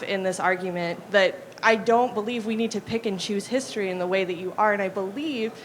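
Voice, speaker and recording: A young woman asks an earnest question from the audience. She hesitates and fills pauses as she talks. There is faint noise behind her. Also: medium pitch. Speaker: audience member asking a question.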